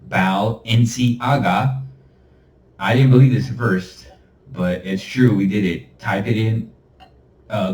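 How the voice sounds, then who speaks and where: A man's voice: on the low side, a little mellow. A man hosting a solo podcast monologue. He talks in a rambling, emphatic, preachy way and chuckles now and then. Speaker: podcast host. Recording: roomy, far from the mic.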